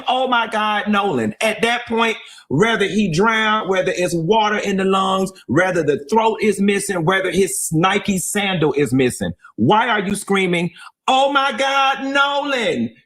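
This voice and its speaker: A man's voice: high-pitched, fairly bright tone. A man on a heated panel discussion, speaking bluntly and emphatically, repeating his points for force. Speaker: livestream host and commentator.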